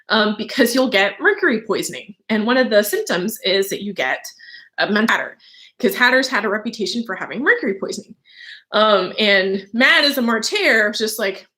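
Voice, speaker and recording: A woman's voice: medium pitch, bright, forceful tone. A young adult woman teacher reading a story aloud and stopping to explain words in a chatty way, with many fillers and asides.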